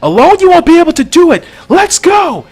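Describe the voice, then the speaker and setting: Yamoshi, a man voicing a yelling Saiyan warrior. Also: big pitch swings, fairly quick, faint music behind, exaggerated voice. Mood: urgent. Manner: strained high-pitched yelling. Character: young male Saiyan warrior, desperate and grief-stricken.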